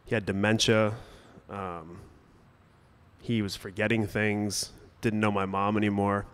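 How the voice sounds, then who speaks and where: A man's voice: lowish voice, little pitch movement, unhurried, a bit bright, clear, resonant tone, big-room sound. Young man telling a personal story on stage. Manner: conversational, with sudden emphatic bursts and comic timing. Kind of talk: personal storytelling to a live audience. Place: stage at a brewery event.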